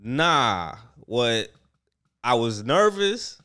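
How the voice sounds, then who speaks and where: A young man co-hosting a laid-back talk show. His voice is smooth and resonant, and his pitch swings widely as he tells animated stories full of slang. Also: drawn-out words. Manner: animated storytelling with bursts of laughter. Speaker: podcast co-host. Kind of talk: casual banter.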